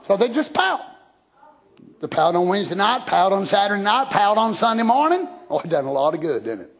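High-voiced preacher, shouting bursts. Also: male voice, fairly quick, gravelly. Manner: animated, shouting bursts, folksy asides. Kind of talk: Pentecostal-style sermon.

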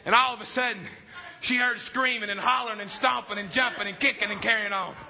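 A man preaching a sermon, telling a story fervently and breaking into shouted exclamations, on a dull lo-fi recording. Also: high voice, steady tone, fast, gravelly, a crowd in the background.

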